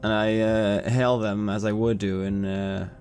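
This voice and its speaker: A man playing a tabletop game, speaking in a hesitant, halting way as he describes his character's actions. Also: lowish voice, level tone, a little mellow, soft background music. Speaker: player. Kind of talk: casual in-character play.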